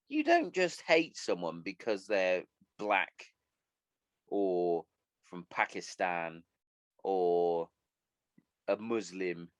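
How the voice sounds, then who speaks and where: A man's voice: sits low, no echo. A man hosting a solo podcast, ranting bluntly and swearing a lot. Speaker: podcast host.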